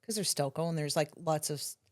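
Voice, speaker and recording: Low-voiced woman, chatty guest. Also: quick pace. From Canada. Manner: chatty, upbeat, frequent "like". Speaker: bakery co-owner guest. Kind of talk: casual podcast interview.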